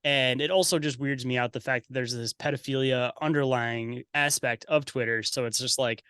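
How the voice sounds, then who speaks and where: A man's voice: medium pitch, fairly even intonation, moderate pace, pushed and bright, smooth, dry recording, studio quality. A man who is a podcast guest, ranting in casual chat in a blunt, profane, conspiratorial way.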